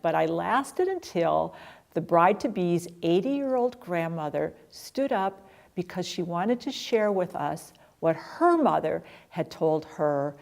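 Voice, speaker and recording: A woman's voice: on the low side, gravelly, a little mellow. A middle-aged woman telling a personal story in a chatty, self-deprecating way, laughing at herself. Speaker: speaker sharing personal story.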